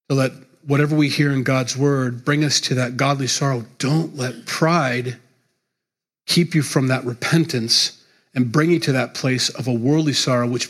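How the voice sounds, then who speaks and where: A man pastor preaching a sermon, emphatic and repetitive, with sudden loud rises and quiet drops. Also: mid-range voice, husky.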